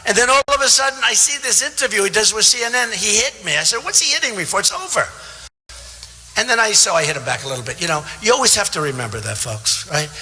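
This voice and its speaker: A man's voice: high-pitched, lively intonation, fast, few pauses, bright, forceful tone. An older man in his seventies giving a boastful, rambling campaign speech to a crowd in a large theater. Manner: boastful, repetitive, conversational asides to the crowd. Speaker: political candidate at a rally. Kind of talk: rally speech. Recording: long hall reverb from a theater PA.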